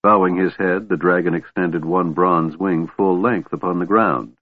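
A man narrating a fantasy audiobook in a steady, measured storytelling manner. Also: low voice, no room sound. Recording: tinny phone-like dry sound.

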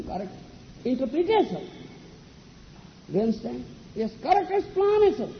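A man teaching as a spiritual teacher in a religious discourse, often asking his listeners if they understand. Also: sits high. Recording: dull lo-fi echoey hall with faint noise.

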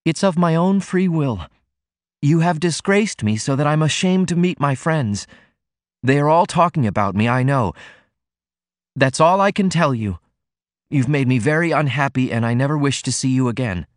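A pale, ashamed young woman's voice, pitched higher than the reader's own and pushed a little louder, as a male narrator puts her on. She speaks firmly and deliberately. The recording is dry and close. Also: animated, no room sound, close to an everyday voice. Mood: firm, pained.

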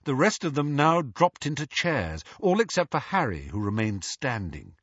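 A man reading an audiobook in a measured, expressive way. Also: mid-range voice, husky, dry recording, muffled recording. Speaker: audiobook narrator. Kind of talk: audiobook narration.

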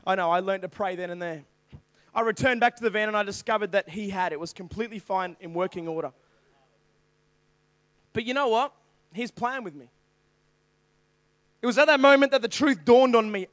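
A man's voice: high voice, expressive, moderate pace, pauses often, fairly bright tone, no echo. An Australian man telling a funny, self-mocking story in a youth sermon, talking animatedly and calling out to the crowd. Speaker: youth preacher.

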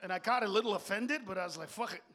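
Middle-aged comic man ranting, high voice, swears a ton, goes from muttering to yelling. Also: rapid-fire. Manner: profane, animated, swings from mutters to shouts. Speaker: stand-up comedian. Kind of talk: stand-up comedy.

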